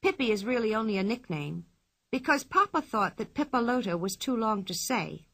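A woman's voice: a little high, sing-song, normal speed, fairly bright tone, no room sound, heavily acted. A woman reading a storybook aloud, voicing a bold, cheeky young girl in a brash, indignant manner.

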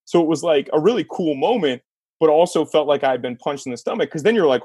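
A man hosting a podcast, telling a sports story in a lively casual way and laughing as he talks. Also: on the high side, quick pace, husky, dry recording. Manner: animated storyteller, laughs mid-sentence. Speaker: podcast host.

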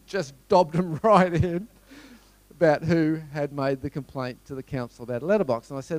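A man's voice: fairly high pitch, moderate pace, no echo. A middle-aged man with an Australian accent, giving a conversational storytelling talk to a live audience, full of rhetorical questions. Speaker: motivational speaker.

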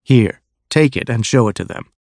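Man reading Carl, a courteous gray-haired gentleman. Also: mid-range voice, lively intonation, normal speed, vocal fry, no room sound. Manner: courteous, friendly.

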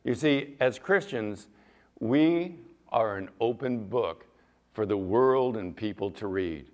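A male pastor preaching a sermon in church, animated, rising to loud emphasis and dropping to soft asides. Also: medium pitch, slow.

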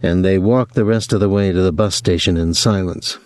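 A man narrating a novel chapter in a measured, steady reading. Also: low-pitched, dry recording, clean studio sound. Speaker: audiobook narrator. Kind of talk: scripted narration.

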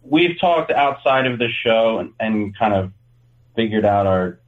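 A man's voice: fairly low pitch, animated, unhurried. Rambling male podcast host, tinny sound. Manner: rambling, loose, swears freely. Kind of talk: casual podcast chat.

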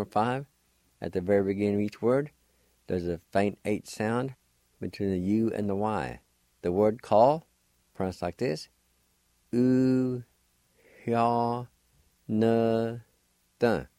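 A man hosting a radio language lesson, patiently spelling words out letter by letter and sounding out syllables slowly, repeating each one. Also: on the low side, warm tone, dry recording.

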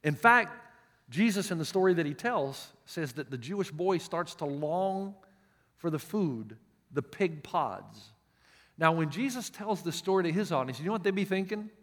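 Man, Southern US accent, pastor, sermon, emphatic storyteller, high bright voice, long hall reverb. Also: expressive, normal speed. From United States. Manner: emphatic storytelling preacher with many restarts.

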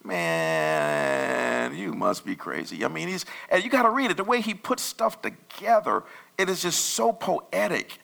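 Guy preaching, kinda raspy gravelly voice, bright, bit high, jumps around a lot. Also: measured pace. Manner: animated, conversational preaching with sudden loud bursts. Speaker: pastor. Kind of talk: sermon.

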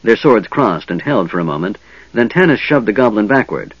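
A man narrating a fantasy audiobook in an expressive reading, recorded dull and dry. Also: lowish voice, brisk, dry recording. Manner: lively, expressive reading with many voices.

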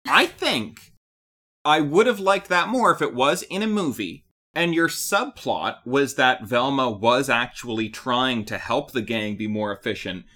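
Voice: medium pitch, animated, a little slow, bright, forceful tone. A podcast co-host giving a casual, playful comedic movie review, telling the story with lots of energy.

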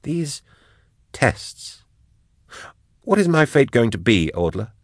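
A man's voice: mid-range voice, very animated, slow, no echo, pitched above the performer's own voice. A man voicing a glib, curious scholar who keeps talking with wry humor, in a dry recording. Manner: wry, chatty, stalling.

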